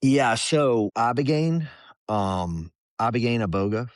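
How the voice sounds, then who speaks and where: A man's voice: mid-range voice, slow pace, no room sound, clean studio sound. A middle-aged man and former Army Ranger, guest on a podcast, telling his story casually and at length, often slipping into quoted voices. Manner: relaxed, rambling, drops into quoted inner voices. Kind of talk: candid conversational storytelling.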